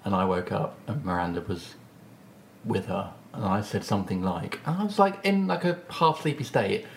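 A man hosting a podcast, chatting and telling an anecdote in an animated, laughing way. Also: fairly low pitch, normal speed, creaky, slight background noise. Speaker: podcast host. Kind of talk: casual chat.

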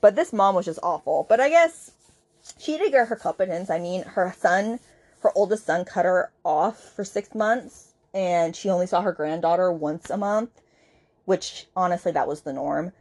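A chatty woman hosting a book podcast, talking casually and filling her retelling with fillers and quoted dialogue. Her voice sits a little low for a woman. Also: moderate pace, darkish tone. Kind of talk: casual book review chat.

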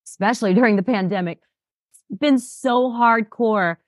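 A woman being interviewed, talking in a loose, animated way full of fillers and quick laughs. Her pitch sits mid-range. The sound is dry and close. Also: no echo. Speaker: reality show contestant guest. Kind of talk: casual interview chat.

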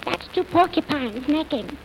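A woman's voice: high-pitched, expressive, unhurried. An actress voicing a bratty, wisecracking little girl of three and a half in a 1940s radio comedy, full of sassy comebacks, on a noisy old broadcast recording. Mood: cheeky.

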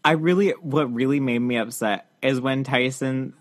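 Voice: mid-range voice, moderate pace, no echo, clean studio sound. A podcast co-host in casual chat, rambling with lots of "like" and getting teary over a book. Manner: rambling, heavy use of "like", gets teary.

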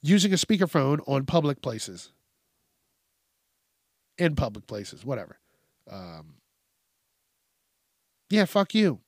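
A man's voice: sing-song, takes it slowly, long pauses, no room sound, studio quality. A man hosting a podcast, ranting casually and profanely about everyday annoyances, with an exasperated tone. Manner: profane, exasperated, mimics people in high voices. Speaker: podcast host.

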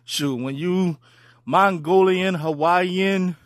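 A man's voice: high-pitched, slow pace, no room sound. Easygoing man in a dry voice message. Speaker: caller. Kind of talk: voice message to a podcast.

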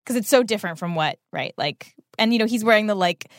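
Fast-talking woman recapping a show. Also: mid-range voice, no room sound, studio quality. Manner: rambling, filler-heavy, animated retelling. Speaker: podcast co-host. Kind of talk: casual chat recapping a TV episode.

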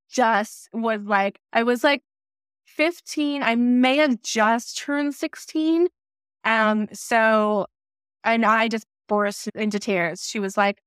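A woman's voice: medium pitch, measured pace, smooth, no room sound, studio quality. Candid woman telling a personal story. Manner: candid and personal, acting out remembered dialogue. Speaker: podcast co-host. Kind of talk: casual conversational storytelling.

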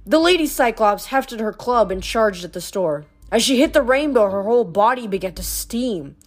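A woman reading a fantasy novel aloud, narrating with steady, lightly dramatic delivery. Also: fairly high pitch, moderate pace. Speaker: audiobook reader. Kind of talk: storybook reading.

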